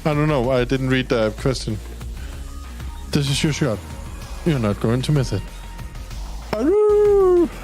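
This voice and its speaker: A man's voice: mid-range voice, normal speed, pauses often, darkish tone, soft background music, poor audio. A young man from Denmark streams a dating game, reading its text aloud in a casual, playful way and now and then swearing. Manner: casual and playful, swears, talks to his pet. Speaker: gaming streamer.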